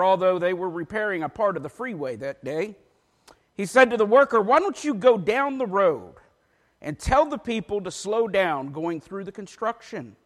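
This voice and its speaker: A pastor preaching a sermon in a church, reading scripture aloud with an emphatic delivery. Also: male voice, high-pitched. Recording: long reverb of a large hall.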